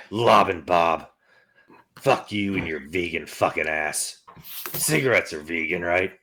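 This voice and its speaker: A man's voice: deep voice, lively intonation, slow, bright, forceful tone, heavily acted. A man putting on a profane, snarling tough male cop with a mangled accent for a podcast bit. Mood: aggressive.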